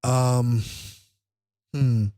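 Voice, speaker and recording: A weary man chatting on a live stream, his words slow and drawn out, full of ums and restarts. He sounds tired, like he can barely keep his eyes open. The sound is dry and close, with no room echo. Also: mid-range voice, flat delivery, warm tone, smooth. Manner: rambling, with frequent fillers and restarts. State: tired, struggling to stay awake. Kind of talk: casual live-stream chat.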